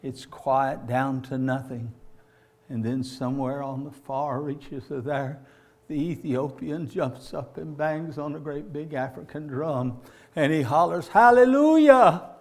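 A man preaching a sermon with passion, swelling to loud, drawn-out peaks and calling listeners "my friend". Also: fairly high pitch.

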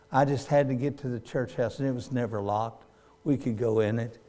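An older man, preaching a sermon in a folksy storytelling way that breaks into sudden loud cries. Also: mid-range voice.

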